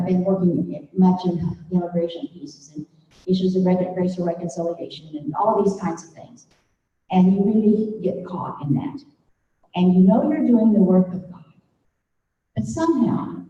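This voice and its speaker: An older woman giving an earnest, halting devotional talk to a room of faculty, growing emotional as she speaks. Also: fairly low pitch, mellow, slight background noise. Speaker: speaker at a faculty development day. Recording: distant, muffled hall recording.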